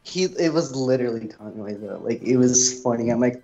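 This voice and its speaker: A man's voice: medium pitch, expressive, a little fast, muffled recording. Young man, casual storyteller, rambling delivery, light game music underneath. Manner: rambling storyteller, leans on "freaking". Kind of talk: casual chat.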